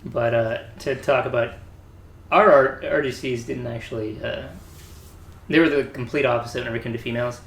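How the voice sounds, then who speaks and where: A man's voice: mid-range voice, brisk, creaky. Young man, casual crude storyteller, echoey room. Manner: animated, crude, laughing storyteller. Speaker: podcast guest. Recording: echoey room, faint background noise.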